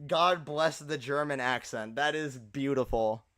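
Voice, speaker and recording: A young man streaming live, chatting casually and excitably, laughing often and sounding tired. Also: a little high, moderate pace, dry recording, studio quality. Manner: excitable, laughs often, uses fillers like bro. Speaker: livestreamer. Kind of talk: casual live reaction chat.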